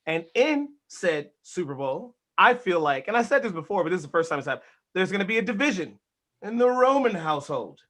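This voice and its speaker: Bright, hyped-up male podcast host. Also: sits high, brisk. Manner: hype, energetic, swears casually. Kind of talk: casual sports podcast chat.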